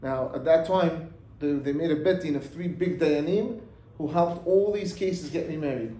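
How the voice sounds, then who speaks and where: A rabbi telling a story in a sermon, acting out its voices and mixing in Hebrew and Yiddish words. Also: male voice, fairly high pitch, normal speed, reverberant, poor audio. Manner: animated, acts out the voices in the story.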